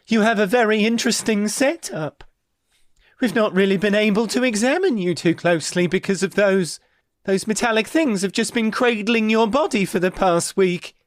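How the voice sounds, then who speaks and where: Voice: mid-range voice, dry recording, studio quality, lightly acted. A player voicing a polite, overly chatty man who overwhelms people with questions and keeps apologizing. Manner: apologetic, rambling, fussy.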